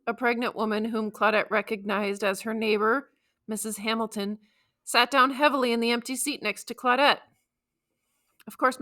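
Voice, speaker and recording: Bright-toned woman reading an audiobook. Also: mid-range voice. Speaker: audiobook narrator. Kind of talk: scripted first-person audiobook narration.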